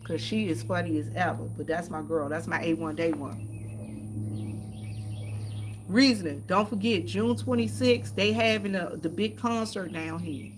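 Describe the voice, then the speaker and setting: Outdoors in the countryside near horses, a woman vlogger chats casually to her viewers over a phone stream, repeating herself and calling them "y'all" again and again. Her voice sits on the low side and moves a little slowly, with background noise behind it.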